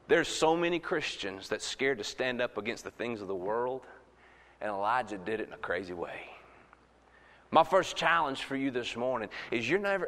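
Animated preacher man. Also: medium pitch, moderate pace, big-room sound. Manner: animated preaching, swinging from loud shouts to hushed asides. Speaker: pastor. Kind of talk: sermon. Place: church sanctuary.

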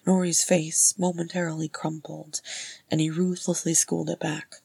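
A woman reading a story aloud as the narrator, in a measured, steady way. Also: low-pitched, gravelly, slightly rough, no room sound. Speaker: audiobook reader. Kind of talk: fan fiction audiobook narration.

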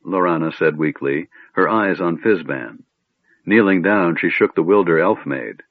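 A man narrating a fantasy audiobook in an expressive storytelling manner. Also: low-pitched, measured pace, no room sound. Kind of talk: scripted narration. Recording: narrow phone-like sound, dry.

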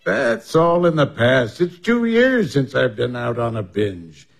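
A man's voice: medium pitch, animated, unhurried, creaky, faint music behind. An actor playing an older male army doctor who brushes off worries curtly, in a radio play. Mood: dismissive.

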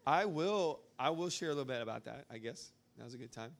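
Speaking casually before a live church audience, this young man from Arkansas, USA, meanders through a story laden with fillers. He has a gravelly, mid-range voice.

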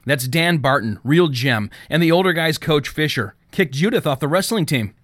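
A man voicing a hyper, teasing teenage boy who talks in a loud, excitable way, reading an audiobook. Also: a little high, normal speed, dry recording, clean studio sound.

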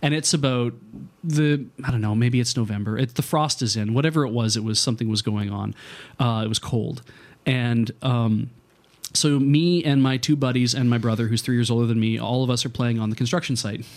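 Animated man telling a story. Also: mid-range voice, a little fast. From Canada. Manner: animated storyteller, acts out quoted voices, laughs often. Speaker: podcast co-host telling a story. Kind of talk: casual storytelling chat.

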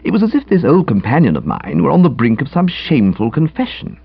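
Husky, wildly animated male narrator. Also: fast, no echo, dull audio. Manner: breezy, chatty, highly expressive reading. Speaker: audiobook narrator. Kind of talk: comic audiobook narration.

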